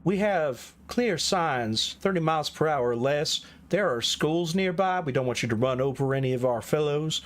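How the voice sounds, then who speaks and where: A man's voice: on the high side, animated, moderate pace, hardly any pauses, close to an everyday voice. A man voicing a polite small-town male police officer with an exaggerated Southern US accent, courteous and folksy as he scolds.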